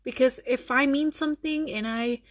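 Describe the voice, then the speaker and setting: A woman's voice: high voice, normal speed, no room sound, studio quality. A young woman hosting her own podcast, ranting bluntly and sarcastically with lots of swearing. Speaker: podcast host. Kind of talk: solo podcast rant.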